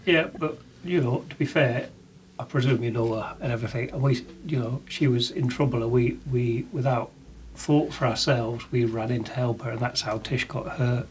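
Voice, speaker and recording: A man's voice: mid-range voice, moderate pace, few pauses, slight background noise. A man in a tabletop game talking in character in a casual, apologetic and hedging way. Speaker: player.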